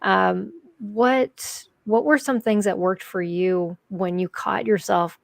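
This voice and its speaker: A woman's voice: mid-range voice, steady tone, slow, vocal fry, no room sound. Host, woman, dry close sound, thoughtful, affirming interviewer. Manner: thoughtful, affirming, asks follow-up questions. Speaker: podcast host. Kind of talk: conversational interview.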